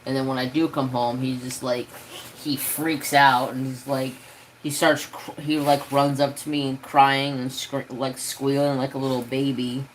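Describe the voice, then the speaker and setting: A man chatting casually on his craft live stream. He rambles along slowly and easily, with plenty of fillers and an even, mid-range voice. A faint hiss sits behind him. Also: mid-range voice, rough recording. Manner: rambling, easygoing, with many fillers.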